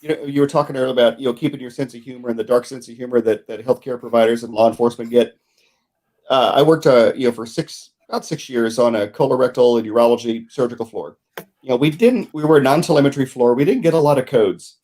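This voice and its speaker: A man's voice: mid-range voice, fast, darkish tone. A man co-hosting a casual podcast, telling a story in a wry, frank way. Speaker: podcast co-host, nurse.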